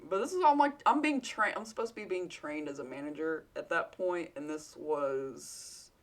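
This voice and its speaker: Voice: medium pitch, lively intonation, moderate pace, fairly bright tone. A vlogger with a Southern US accent, telling a work story in a rambling, candid way with casual swearing.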